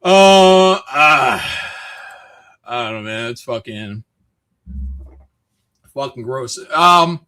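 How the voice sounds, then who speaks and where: A man's voice: medium pitch, extremely slow, long pauses, clear, resonant tone. A man from Michigan hosting a stream, ranting casually with lots of swearing. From Michigan, USA. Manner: rambling, swears often, animated rants. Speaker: streamer host. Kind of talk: casual chat.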